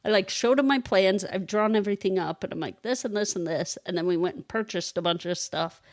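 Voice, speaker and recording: A kindergarten reading teacher and podcast co-host talks fairly quickly in a mid-range voice, recorded dry with clean studio sound. Her casual chat is full of stories and frequent laughs.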